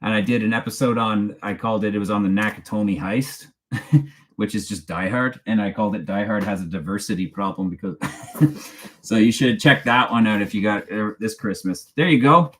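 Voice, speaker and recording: A man's voice: fairly low pitch, fairly quick, a bit bright. A man, hosting a casual live-stream chat in a rambling, chatty way and laughing often as he reads viewer questions aloud. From Canada. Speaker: true crime channel host.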